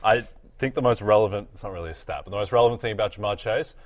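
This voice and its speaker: A man's voice: lowish voice, rapid-fire, slight background noise. A man with an Australian accent co-hosting a sports podcast, teasing in a dry, casual way. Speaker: podcast co-host.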